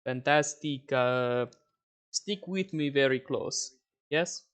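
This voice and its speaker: A man voicing a very tall female forest guide with a thick put-on Eastern European accent and a deep voice, formal and clipped. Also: takes it slowly, fairly bright tone, clear, resonant tone. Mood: guiding. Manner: formal, clipped, ends questions with "yes?".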